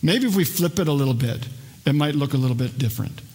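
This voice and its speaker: A male pastor preaching a sermon, earnest, swinging between raised intensity and a hushed, soft delivery. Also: medium pitch, lively intonation, quick pace. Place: church sanctuary.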